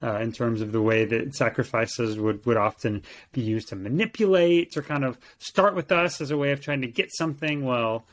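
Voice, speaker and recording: A man's voice: mid-range voice, moderate pace, hardly any pauses. Man teaching a casual Bible lesson. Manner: thoughtful, many restarts and repeated words. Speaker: co-host, teacher.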